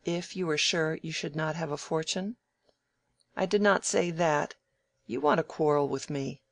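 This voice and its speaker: A reader playing an idle young gentleman who is easily piqued, speaking in emphatic, protesting tones in audiobook dialogue. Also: mid-range voice, a little slow, no echo. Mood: sulky.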